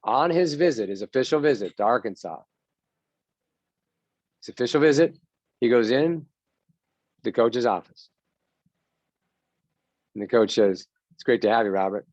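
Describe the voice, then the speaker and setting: A man's voice: mid-range voice, expressive, normal speed, long pauses, a little mellow, dry recording, dull audio. Punchy man coaching a baseball team. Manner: punchy, repetitive, has players chant mantras. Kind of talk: motivational team talk.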